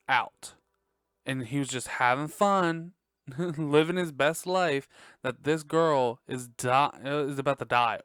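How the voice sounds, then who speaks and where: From a dark bedroom at home, a young male podcast host with a fairly high, smooth voice chats about a movie, swearing a lot and laughing frequently in an excitable manner. The sound is clean and studio-like, with no echo.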